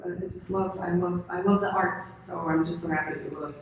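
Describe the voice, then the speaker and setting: A woman in her thirties from the United States, a convention panel guest answering questions in a rambling, animated way and laughing often. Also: lowish voice, fast. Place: large convention hall. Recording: echoey hall from far off, faint noise.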